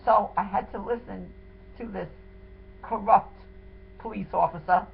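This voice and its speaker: In this clip a woman with a mid-range, gravelly, slightly rough voice speaks a little slowly and with fairly even intonation. As a wife telling her story, she gives an emotional, indignant first-person account of what happened to her and her husband, retelling it dramatically. The recording sounds tinny and phone-like, with a faint hiss.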